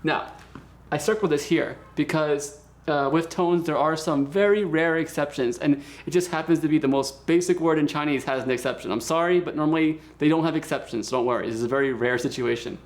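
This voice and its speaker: Male teacher, casual lesson delivery, gravelly edge, drills words slowly. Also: fairly high pitch. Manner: relaxed, chatty, repeats words slowly for practice. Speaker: language teacher.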